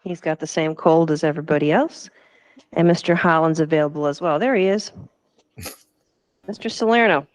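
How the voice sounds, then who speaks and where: A woman chairing a school board meeting, brisk and friendly as she introduces the next presenters. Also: deep voice. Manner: brisk and friendly, laughing lightly between remarks. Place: town hall meeting room.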